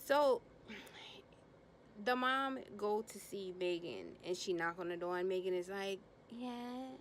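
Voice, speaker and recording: At a measured pace, a woman delivers sassy, blunt, slang-filled commentary on a reality TV episode. She animatedly performs people's lines in higher-pitched bursts, and a little hiss or hum can be heard.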